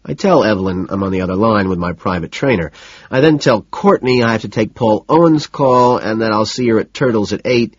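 A man reading a first-person audiobook in a deadpan, matter-of-fact way. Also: fairly low pitch, breathy edge, no echo. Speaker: audiobook narrator. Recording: dull lo-fi recording.

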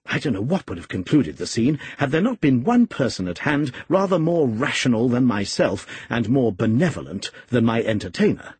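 A man reading a classic novel aloud, expressive and measured. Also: medium pitch, breathy edge, dry recording. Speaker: audiobook reader. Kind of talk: scripted novel narration.

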